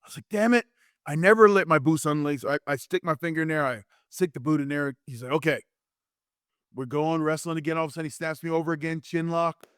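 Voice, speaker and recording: A man in his fifties, a former wrestler and interview guest, telling lively anecdotes and acting out quotes with frequent restarts. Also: a little high, quick pace, clear, resonant tone, dry recording, studio quality. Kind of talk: animated storytelling in a podcast interview.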